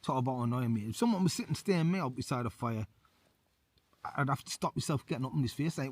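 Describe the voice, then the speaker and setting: A man's voice: medium pitch, lively intonation, fast. A man, an ex-soldier and outdoor vlogger, reads a folk tale aloud at a winter wild camp with matey commentary. He is cold. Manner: matey, says mate a lot.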